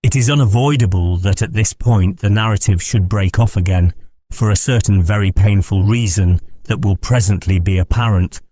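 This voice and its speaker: A man narrating an audiobook in a measured, steady reading. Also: fairly low pitch, dry recording.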